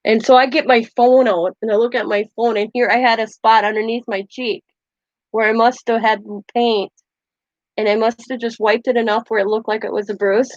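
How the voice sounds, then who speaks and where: A woman's voice: fairly high pitch, fairly even intonation, brisk, no echo, lo-fi sound. A woman hosting a casual craft livestream, rambling through stories and laughing often. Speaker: craft channel host.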